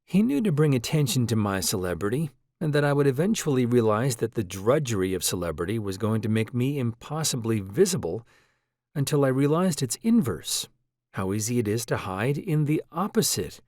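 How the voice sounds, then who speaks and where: A man's voice: mid-range voice, very animated, normal speed, a little mellow, no room sound. Man narrating an audiobook, dry close sound. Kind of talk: scripted first-person audiobook narration.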